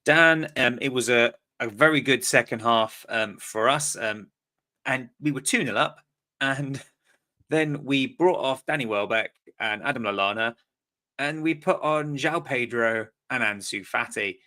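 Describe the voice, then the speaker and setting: A man's voice: mid-range voice, measured pace, bright, forceful tone. A man from England hosting a casual football podcast, reading out listener comments with enthusiasm. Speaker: podcast host.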